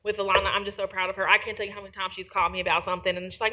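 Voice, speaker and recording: A woman with a bright, clear voice speaks at a podium microphone in a meeting room. She is an emotional and emphatic youth advocate who leans into her words and sometimes acts out quotes in a lively way. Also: mid-range voice, very fast, few pauses. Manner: warm, emotional and emphatic, with animated quoting. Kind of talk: public comment at a county meeting. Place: county commission meeting room.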